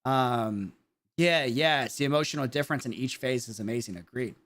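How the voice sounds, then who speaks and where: A man with a New York accent chatting on a livestream in a mid-pitched voice. He rambles, restarts his sentences and gropes for the right words, with loose enunciation. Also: a little fast, fairly bright tone. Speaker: streamer. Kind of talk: casual commentary on a livestream.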